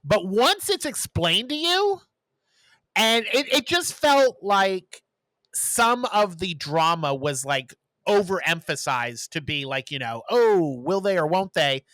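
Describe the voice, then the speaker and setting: A man with a fairly high, very bright voice talks on a podcast in casual chat, animatedly retelling a movie's scenes and slipping into playful voices. The sound is close and dry. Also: very animated, takes it slowly, dry recording. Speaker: podcast co-host.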